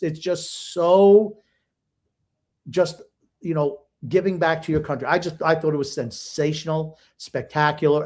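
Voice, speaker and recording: A man's voice: fairly high pitch, darkish tone. An older man co-hosting a sports podcast, blunt and emotional in casual chat. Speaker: podcast co-host.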